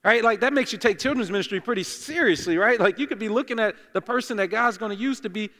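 A man's voice: high voice, fast, sharp tone. A man preaching as the lead pastor in a church, speaking in a loose, conversational way, joking and talking straight to the congregation. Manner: chatty and joking, talks directly to the congregation. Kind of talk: conversational sermon. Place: church sanctuary. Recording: long echoey church reverb.

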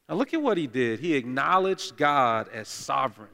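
With a fairly high, creaky, fairly bright voice, a man preaches as lead pastor at a normal speed, animated and hardly pausing. He jokes and chats directly with the congregation in a loose, conversational sermon, recorded in a sanctuary with long echoey reverb.

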